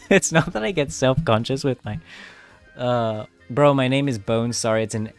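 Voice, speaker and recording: A man's voice: medium pitch, normal speed, faint music behind. A young man live-streaming his game coding, chatting casually with viewers, easily distracted and laughing often.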